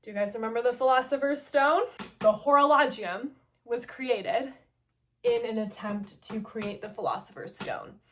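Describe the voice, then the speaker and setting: Chatty young woman, fairly high voice. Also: moderate pace, slight background noise. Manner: fills nearly every sentence with "like", playful and gossipy. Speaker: host recapping a story game. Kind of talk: casual chatty story recap.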